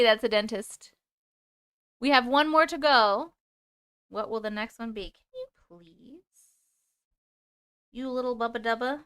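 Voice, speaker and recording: A woman in her thirties with a Long Island accent, hosting a casual live stream; she talks loudly and excitedly and laughs often. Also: on the high side, a little slow, long pauses, clean tone, no echo, studio quality. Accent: Long Island New York. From Long Island, New York. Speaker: YouTube live host. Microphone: close microphone.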